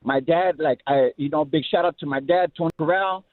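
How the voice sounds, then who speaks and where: A man's voice: a little high, brisk, no echo. A middle-aged man from Los Angeles calling a radio show, speaking in a heartfelt, rambling way and repeating himself. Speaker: caller. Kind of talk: emotional phone call to radio show. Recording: phone line.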